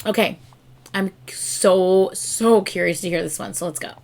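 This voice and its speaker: A woman hosting a casual music reaction, talking in an excitable, gushing way. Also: medium pitch, unhurried, vocal fry. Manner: excitable, gushing, breaks into squeals. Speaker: reaction video host.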